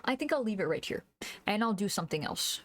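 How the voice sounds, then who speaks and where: A woman streamer chatting casually while she draws, thinking aloud, humming to herself and laughing softly, into a desk microphone. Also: mid-range voice, very animated, fast talker. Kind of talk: casual live-stream chat while drawing.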